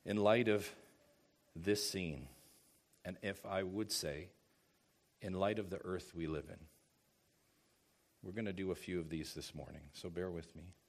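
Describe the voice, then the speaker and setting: A deep-voiced male pastor preaches a sermon slowly and emphatically. He swings between hushed asides and loud calls, posing rhetorical questions along the way.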